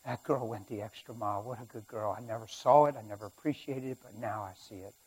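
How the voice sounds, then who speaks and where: A middle-aged man preaching a sermon as a personal testimony, swinging between hushed and loud as he tells the story. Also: on the low side, quick pace, husky.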